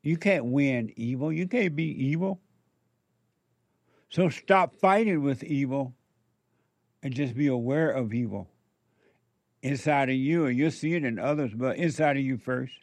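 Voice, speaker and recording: A man's voice: mid-range voice, measured pace, pauses often, a little mellow, dry recording. A man preaching a spiritual sermon, emphatic and repetitive, firing rhetorical questions at his listeners.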